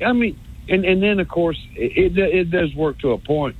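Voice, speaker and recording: A man's voice: high-pitched, expressive, normal speed, slightly rough. A man calling in to a sports radio show, ranting sarcastically and stammering over repeated words. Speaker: caller. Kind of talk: rambling call-in rant. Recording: phone line.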